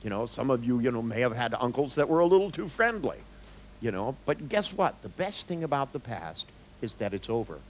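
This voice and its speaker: A man's voice: mid-range voice, sing-song, a little fast, a little hiss or hum, rough recording. A man, a therapist, giving a live seminar talk, telling stories with jokes and blunt swearing. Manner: joking, storytelling, blunt, with swearing.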